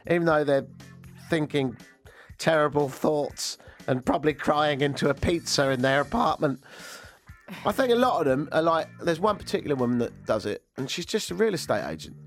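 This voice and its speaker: A man's voice: a little high, animated, fairly quick, soft background music. A man hosting a radio show in casual chat, dry and self-mocking in manner.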